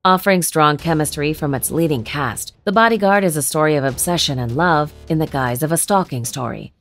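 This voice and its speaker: Brief: female narrator, slightly low voice, measured scripted countdown read over soft music.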